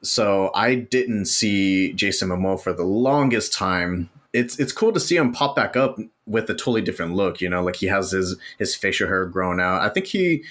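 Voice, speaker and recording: A man's voice: low voice, a bit bright. A man co-hosting a casual podcast about movies, laid-back and slangy, swearing now and then. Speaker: podcast co-host.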